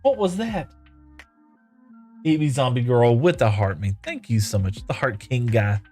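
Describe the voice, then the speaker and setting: A man's voice: mid-range voice, lively intonation, normal speed, darkish tone, soft background music. Chatty man live-streaming a game. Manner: chatty, reads viewer comments aloud, thanks viewers. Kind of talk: casual live-stream chat while playing.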